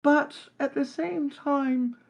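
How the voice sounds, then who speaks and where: A performer voicing a scrappy male high elf pirate and former beggar, speaking in a posh British accent mixed with Cockney and musing with plenty of hedging. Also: fairly even intonation, slow pace, gravelly, heavily acted. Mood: wistful. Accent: posh British blended with Cockney.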